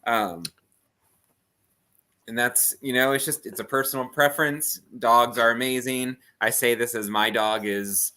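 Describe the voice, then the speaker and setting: A man's voice: mid-range voice, fairly even intonation, unhurried, bright, forceful tone. A man hosting a casual livestream chat, easygoing and chatty. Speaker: host.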